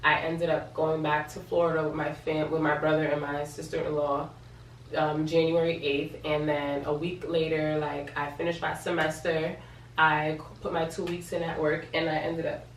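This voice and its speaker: Her delivery is flat and moderately paced, her voice low-pitched. She's a young woman from New York telling a personal story on a casual vlog, emotional and leaning on repeated words, captured from afar in an echoey space with a faint hum underneath.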